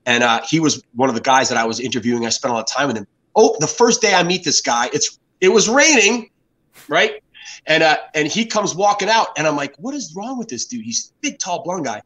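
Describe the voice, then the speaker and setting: A man in his fifties swaps stories over a few beers as a guest, his voice sitting a touch higher than most men's. He tells them in an animated way and swears freely as he goes. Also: brisk, rough recording. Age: 50s. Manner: animated, profane storyteller. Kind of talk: casual anecdotes over beers.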